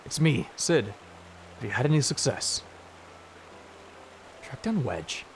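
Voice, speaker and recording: A man voicing a steady older male engineer, calm and reassuring as he reads game dialogue. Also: medium pitch, takes it slowly, gravelly, a little hiss or hum, exaggerated voice.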